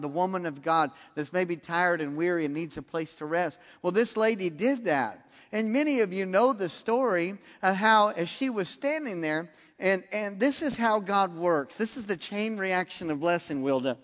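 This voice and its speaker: A man preaching a sermon, retelling a story with lively acted-out dialogue. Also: high-pitched, normal speed, hardly any pauses. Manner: animated, acts out dialogue in the story. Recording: long reverb of a large hall.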